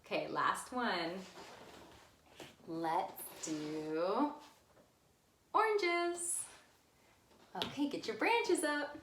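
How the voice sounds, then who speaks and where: Woman, children's librarian, storytime, slow, animated, sing-song, echoey room, faint hiss. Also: medium pitch.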